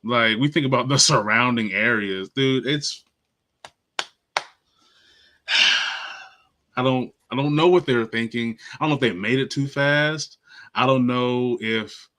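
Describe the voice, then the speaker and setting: A man's voice: medium pitch, takes it slowly, pauses often, sharp tone. A man from Nashville co-hosting a casual movie and TV review podcast, ranting emphatically and swearing freely. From Nashville, Tennessee. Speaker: podcast co-host.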